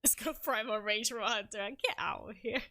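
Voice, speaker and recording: A young adult woman streaming a game live, reacting excitably, swearing and making fun of herself. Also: mid-range voice, moderate pace, vocal fry, no echo, studio quality. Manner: excitable, swears, self-deprecating outbursts. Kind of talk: live gameplay commentary.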